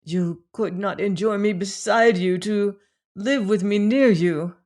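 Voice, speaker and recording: A woman's voice: medium pitch, takes it slowly, darkish tone, natural voice. A woman reader voicing a proud, heartbroken young woman in an audiobook. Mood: pleading. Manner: pleading, then fiercely proud. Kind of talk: audiobook character reading.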